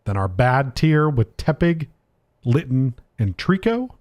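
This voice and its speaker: A man's voice: mid-range voice, very animated, a little slow, darkish tone. A man co-hosting a casual gaming podcast, laid-back and hesitant, with many ums and restarts. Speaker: podcast co-host.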